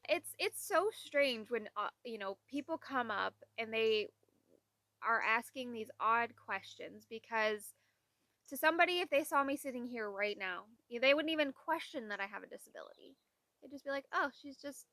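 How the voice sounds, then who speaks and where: In a dry recording, a young woman with a fairly high, pushed and bright voice vlogs at a moderate pace with lively intonation. She casually shares candid, exasperated stories to the camera, voicing what others told her.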